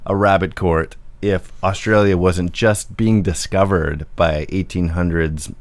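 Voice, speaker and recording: Low-voiced guy riffing on a podcast, laughs a lot, dry close mic. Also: steady tone, measured pace, dry recording. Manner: joking, rambling, laughs often. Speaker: podcast co-host. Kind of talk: casual chat.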